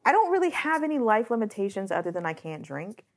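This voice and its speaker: A woman's voice: medium pitch, very animated, fast. A woman co-hosting a casual podcast chat, talking in an earnest, emotional way that comes close to tears. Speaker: podcast co-host.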